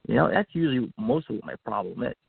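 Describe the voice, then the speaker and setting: A man tells a heartfelt personal story in a gravelly, husky voice whose pitch rises and falls a great deal. He is animated, acts out the lines of the people in his story, and keeps restarting his sentences. The sound is narrow and phone-like, and the room is dry. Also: quick pace, dry recording. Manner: animated, acts out quotes, frequent fillers and restarts. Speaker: podcast guest. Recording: phone-like narrow band audio.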